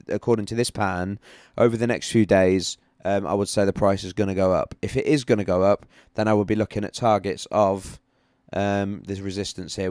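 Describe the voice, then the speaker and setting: Man, casual livestream host, rambling chat, deeper pitch. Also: darkish tone, dry recording, clean studio sound. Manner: chatty, rambling, repeats himself. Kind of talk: casual live-stream chat with chart analysis.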